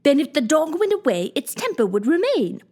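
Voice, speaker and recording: A woman reading aloud and voicing a bossy, sharp-tongued queen who scolds with emphasis. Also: sits high, very animated, moderate pace, pitched above the performer's own voice. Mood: scolding.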